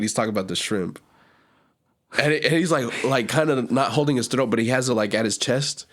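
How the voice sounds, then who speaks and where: A man co-hosting a podcast in casual chat, telling a lively story and acting out the people in it. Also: mid-range voice, a little fast, slight background noise. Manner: animated storyteller, acts out quotes with loud yelps. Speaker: podcast co-host; restaurant server.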